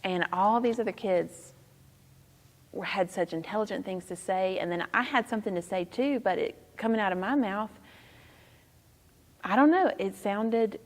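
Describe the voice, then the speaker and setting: A woman in her thirties with a Southern accent, a pastor answering interview questions in a soft-spoken, thoughtful way with frequent laughter. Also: mid-range voice, normal speed, pauses often, long reverb tail. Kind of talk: casual interview.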